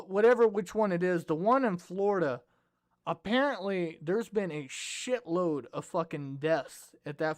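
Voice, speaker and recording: Male comedy host, high and smooth voice, swears a lot, rambles through his stories. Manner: profane, rambling storyteller. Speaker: podcast host. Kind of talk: casual comedic commentary.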